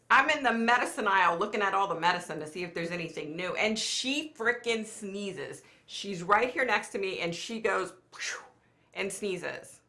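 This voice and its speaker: A woman's voice: medium pitch, expressive, moderate pace, pushed and bright. A woman with a cold telling a story on a casual live stream, chatty and exasperated, talking straight to her viewers and swearing casually. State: has a cold. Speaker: live show host.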